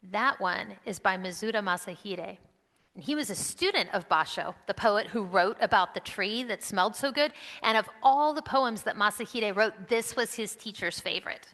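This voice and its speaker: A woman's voice: mid-range voice, a bit bright, in a large hall. A woman leading an interactive children's message during a church service, coaxing and encouraging the kids with lots of questions. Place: church sanctuary.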